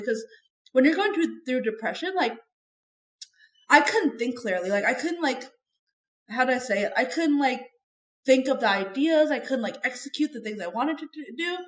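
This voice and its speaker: A woman's voice: sits high, expressive, moderate pace. A woman guest in a podcast interview, talking in a chatty, earnest way and filling her sentences with "like". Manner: chatty and earnest, heavy use of "like". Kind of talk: candid conversational interview. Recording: echoey room.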